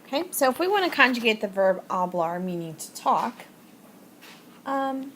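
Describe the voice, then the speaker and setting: A woman's voice: a little high, very animated, moderate pace, a bit bright, slight background noise. A woman teacher explaining Spanish verb endings step by step in a recorded video lesson, patient and plain, with frequent fillers.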